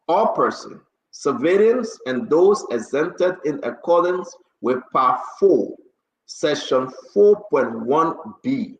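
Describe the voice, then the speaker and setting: A man hosting a live radio talk show, reading an official order slowly and pleading with guests who interrupt him. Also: a little high, fairly bright tone, roomy sound, poor audio.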